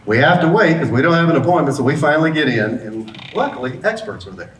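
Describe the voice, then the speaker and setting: In a fast voice on the high side, a middle-aged business coach delivers a motivational talk, vividly storytelling and playing the people in it. The mic sits at a distance, so the sound is roomy with a faint background hum.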